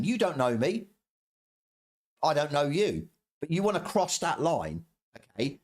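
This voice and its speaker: A man's voice: on the high side, very animated, a little slow, pauses often, a little mellow. A middle-aged man streaming a heated, swearing rant, stumbling over his words and repeating himself. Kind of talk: angry ranting commentary.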